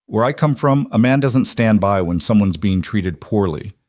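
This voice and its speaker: A man as a polite, measured cowboy. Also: on the low side, lively intonation, darkish tone, no room sound, studio quality. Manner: courteous, measured. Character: polite, reserved young cowboy. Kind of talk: storybook reading.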